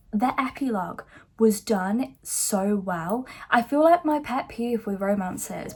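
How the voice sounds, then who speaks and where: A young woman chatting casually and gushing about a book she is reading, with lots of fillers. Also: medium pitch. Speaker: book vlogger. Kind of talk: casual book review vlog. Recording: soft background music.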